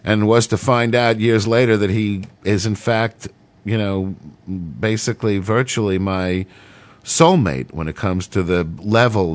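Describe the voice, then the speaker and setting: Middle-aged guy, kinda low voice, rambling monologue, swears a lot, lots of ums and you knows. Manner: rambling, profane storytelling with many fillers. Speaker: podcast host telling a personal story. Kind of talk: casual monologue.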